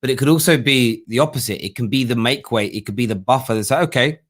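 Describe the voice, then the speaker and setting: A man hosting a casual live football stream, slangy and chatty with quick restarts. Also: medium pitch. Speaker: host.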